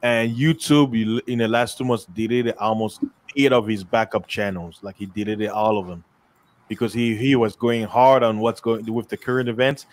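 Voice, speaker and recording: A man co-hosting a casual chat, telling stories in an animated way. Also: fairly low pitch, moderate pace. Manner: animated storyteller, many fillers and restarts.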